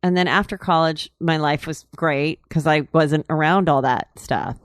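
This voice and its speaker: A woman's voice: low-pitched, normal speed, no echo, studio quality. A woman talking as an interview guest, rambling and candid, full of "like" and "you know". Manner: chatty and candid, laughs while telling. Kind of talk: casual storytelling interview.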